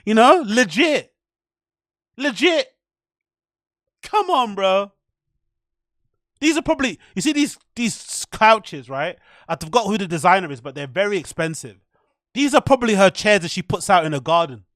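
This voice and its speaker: A man hosting a podcast, rambling in mocking, profane, animated commentary. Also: high-pitched, moderate pace, pauses often, dry recording, studio quality. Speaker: podcast host.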